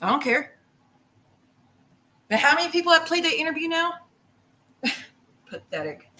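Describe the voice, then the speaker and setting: A woman's voice: extremely high pitch, a little fast, pushed and bright, rough recording. A woman on a livestream, ranting in a heated, profane and rambling way while cooking in her kitchen. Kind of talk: angry livestream rant.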